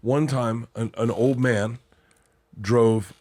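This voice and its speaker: A man hosting a podcast, telling animated stories with plenty of swearing and acted-out quotes. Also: medium pitch, takes it slowly. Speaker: podcast host. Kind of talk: casual podcast chat.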